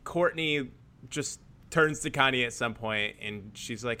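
A man's voice: medium pitch, measured pace, sharp tone, clear, resonant tone. A man co-hosting a casual chat, telling a story and laughing as he goes. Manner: storytelling, laughs mid-sentence. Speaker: podcast co-host.

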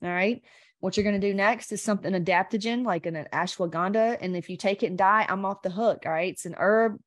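A woman's voice: mid-range voice, fast talker, dry recording. A middle-aged woman hosting a health podcast, talking casually and bluntly, swearing and rambling as she coaches her listeners directly. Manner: speaks straight to listeners. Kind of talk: casual unscripted coaching talk.

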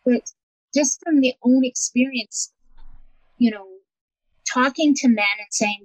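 A woman's voice: sits high, takes it slowly, pauses often, dry recording, highs cut off. A woman being interviewed as an empowerment coach, talking in an earnest, reflective way and often restarting her sentences. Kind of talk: casual interview conversation.

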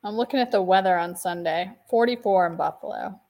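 A woman joins a casual sports podcast as a guest. She talks in an easygoing way and laughs easily. Her voice sits at an ordinary middle pitch. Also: a little fast, darkish tone.

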